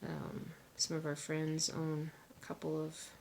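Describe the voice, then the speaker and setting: A woman chatting casually to viewers while she stitches. She sounds tired, talks to herself, and drops into soft muttered asides. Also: deep voice, completely flat delivery, a little slow, vocal fry, slight background noise. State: tired and yawning. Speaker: crafting vlogger.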